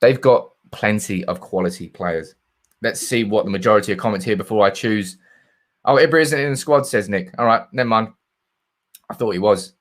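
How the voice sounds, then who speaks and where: A man's voice: fairly low pitch, moderate pace. A man hosting a live football stream, chatting casually and reading out viewers' comments. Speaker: football channel host.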